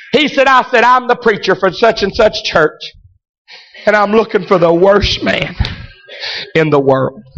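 A man preaching a sermon, telling a story that builds to shouted exclamations. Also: high-pitched, lo-fi sound. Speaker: pastor.

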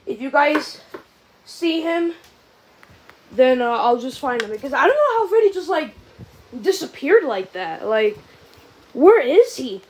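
Super high woman freaking out over a horror game, talks slow, swoopy voice. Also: sing-song. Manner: panicky, exclaiming, shrieking, pleading. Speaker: gamer. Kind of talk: scared let's-play commentary.

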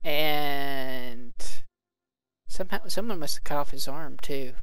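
A man's voice: a little high, slow, bright, forceful tone, dry recording, poor audio. Casual man reading game combat logs. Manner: reads game text aloud with casual asides. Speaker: let's play commentator.

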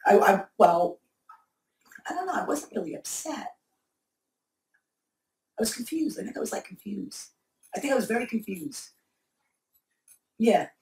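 A middle-aged woman speaking candidly in an interview, halting and repeating herself as she answers. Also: medium pitch, sing-song, darkish tone. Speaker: interviewee, mother of the host. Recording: echoey room, mic far off.

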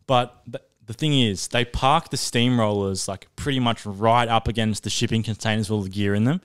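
A man's voice: fairly low pitch, fairly even intonation, moderate pace, smooth. Young man telling a sweary story. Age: young adult. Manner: laid-back, sweary, laughs while telling. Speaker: podcast co-host. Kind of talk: casual storytelling chat. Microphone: podcast studio mic.

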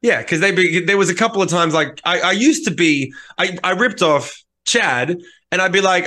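A man, a podcast co-host and touring musician, telling profane, animated stories in casual chat. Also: sits high. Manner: animated, profane, quick bursts with impressions.

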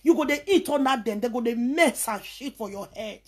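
A Nigerian woman with a high voice rants into her vlog, scornful and insulting. She keeps breaking into sing-song chanted taunts between her jabs. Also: moderate pace, husky. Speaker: vlogger. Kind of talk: heated ranting vlog.

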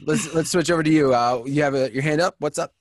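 A man's voice: fairly high pitch, fast, no room sound, clean studio sound. A man hosting a casual video chat, moving things along and laughing with the guests. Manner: relaxed moderator, laughs along. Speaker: host.

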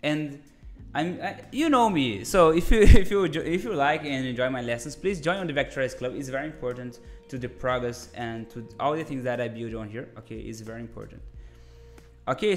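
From his home desk, a man with a mid-range voice teaches a casual design lesson on a live stream. Friendly and chatty, he keeps restarting sentences and addresses viewers as "my friend" over faint, soft background music.

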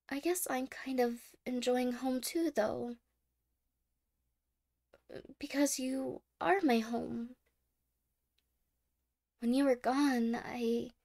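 In a whispered role-play, a woman plays a clingy, anxious young girlfriend who keeps stammering and apologizing. Her voice sits high and carries a gravelly fry. She speaks slowly and softly. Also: full character voice. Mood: tender, wistful. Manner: soft-spoken, stammering, apologetic. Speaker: ASMR role-play creator.

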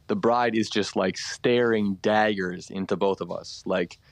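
A man's voice: lowish voice, fairly even intonation, a little slow, vocal fry, no room sound. A young man telling a long story in a voice message, rambling with many fillers and laughing through it. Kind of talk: casual storytelling.

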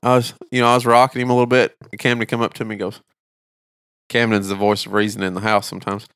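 A man's voice: lowish voice, monotone, fast, fairly bright tone, clean tone, dry recording. Man with dry quips. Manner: brief agreeing interjections and dry quips. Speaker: podcast co-host. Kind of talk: casual chat.

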